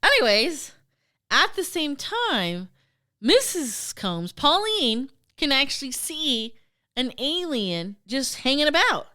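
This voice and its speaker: Woman podcast host, bright and smooth, swings her pitch a lot, swears freely. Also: slow pace. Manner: animated, profane, acts out quoted voices. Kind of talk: casual storytelling chat.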